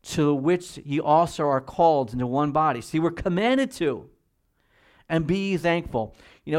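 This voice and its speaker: A man preaching a sermon as pastor, reading scripture slowly and swinging between quiet, measured emphasis and loud, high-pitched exhortation. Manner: reads scripture slowly and deliberately.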